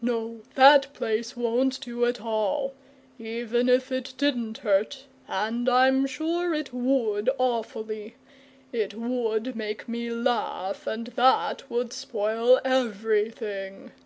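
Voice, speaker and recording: A woman's voice: on the high side, steady tone, slow pace, darkish tone. A woman voicing a nervous, polite, stubborn male dragon in a storybook reading. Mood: coy. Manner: polite, fussy and coy.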